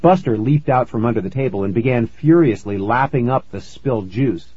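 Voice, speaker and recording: A man narrating a first-person story in a measured storytelling manner, on a dull, lo-fi recording. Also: mid-range voice, animated, a little mellow, husky, no echo. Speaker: audiobook narrator.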